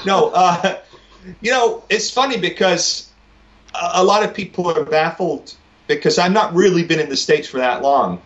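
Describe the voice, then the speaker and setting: A man's voice: on the high side, lively intonation, normal speed, fairly bright tone, highs cut off, slight background noise. A man from northwest England with a Wigan accent, a musician talking casually in an interview, chatty and often laughing at himself. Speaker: musician guest.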